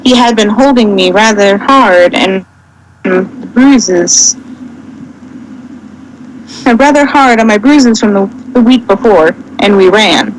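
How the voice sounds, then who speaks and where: A woman's voice: medium pitch, expressive, takes it slowly, long pauses, slight background noise, rough recording. A woman reading a fanfic aloud as a podcast co-host, casual and comedic, often stumbling and correcting herself.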